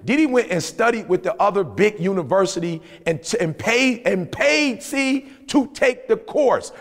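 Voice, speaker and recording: Man, high voice, gravelly, motivational podcast talk, animated storyteller, reverberant room. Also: moderate pace. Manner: animated storytelling, repeats phrases, rising emphatic pitch. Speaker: podcast co-host.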